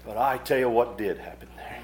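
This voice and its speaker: A man preaching a sermon, reading scripture aloud and breaking into fervent, sudden loud surges with quick casual asides. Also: mid-range voice, a little hiss or hum. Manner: reads scripture aloud in old-fashioned phrasing.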